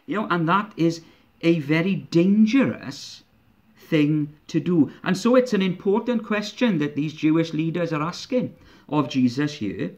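An earnest man preaching a sermon, his voice sitting somewhat high. He builds his points through emphatic, repeated rhetorical questions. The recording is muffled and lo-fi. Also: unhurried. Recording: dull lo-fi recording.

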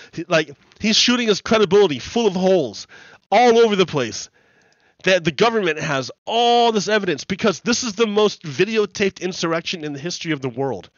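A man's voice: high voice, a bit bright, no echo, lo-fi sound. A man hosting a let's play, laughing often and breaking into shrieking outbursts as he rants with incredulous swearing. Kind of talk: casual commentary over gameplay.

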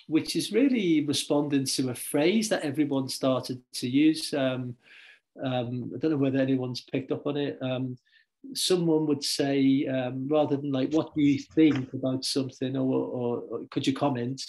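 A man's voice: mid-range voice, fairly even intonation, measured pace, a little mellow, a little hiss or hum. Hesitant man hosting a poetry talk. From Liverpool, England. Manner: hesitant, full of ums and restarts. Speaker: host poet and editor. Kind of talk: casual conversation.

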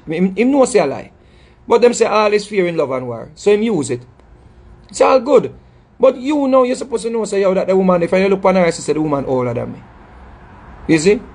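Speaking to his audience, a middle-aged Jamaican-accented dancehall artist scolds emphatically, his passion spilling into repeated phrases and stumbled words. The voice is high, a little mellow and slightly rough.

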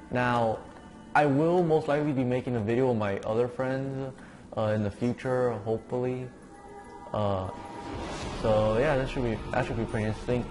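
With faint music behind him, the young YouTuber sleepily narrates his zombie game in a steady, mid-range, darkish voice at normal speed. He rambles, mutters to himself and swears at the game.

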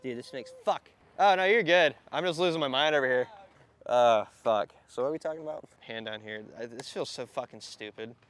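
A man, a skateboarder, rambling and cursing in candid outtakes, his voice hoarse and worn out, tired and short of breath, outdoors at a skate spot. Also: mid-range voice, brisk, a bit bright. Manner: rambling, heavy cursing, self-conscious. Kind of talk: candid outtakes while filming.

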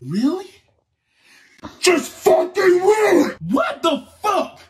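A man playing an angry parent who yells profanities while snatching a kid's phone. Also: very high voice, big pitch swings, slow pace, far from the mic, exaggerated voice. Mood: outraged. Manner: yelling, profane, outraged.

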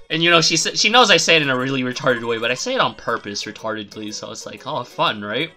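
A man streaming a game live, chatting casually and swearing a lot, rambling and then shouting suddenly at the game. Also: mid-range voice, lively intonation, brisk, faint music behind. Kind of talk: casual live gameplay commentary.

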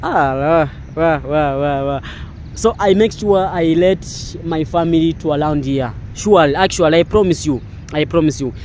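Man, slightly high voice, gushing walking-tour vlogger. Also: unhurried, slight background noise. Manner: excited, repetitive exclamations; non-native English, broken grammar. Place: outdoors in a park.

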